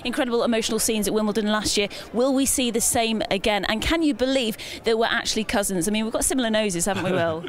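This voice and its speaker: A woman presenting a live interview outdoors, asking brisk, breezy questions. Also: fairly high pitch. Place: outdoors at a sports venue.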